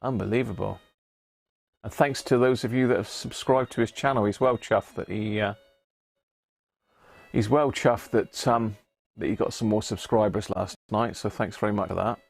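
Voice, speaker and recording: A man's voice: fairly low pitch, fairly even intonation, moderate pace, creaky. A man from Britain hosting a casual live stream, chatting away, often laughing and thanking viewers. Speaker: livestream host.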